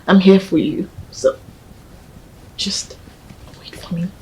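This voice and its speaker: A woman's voice: on the low side, steady tone, slow, rough recording. A woman playing a tender Nigerian comforter. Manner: soft, tender, often whispering. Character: young woman comforting her grieving partner. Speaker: grieving widow, then comforting partner. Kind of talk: Nollywood film acting.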